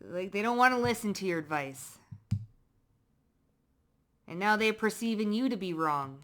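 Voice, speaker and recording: A woman giving a casual tarot reading to her viewers, blunt and profane, swinging between loud emphatic bursts and low muttered asides. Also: lively intonation, normal speed. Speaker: psychic tarot reader.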